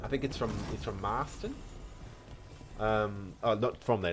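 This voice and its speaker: A man's voice: on the low side, moderate pace, a little hiss or hum. A man with a Yorkshire accent chatting casually while streaming a game and reading chat aloud. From North Yorkshire, England. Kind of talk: casual gaming commentary.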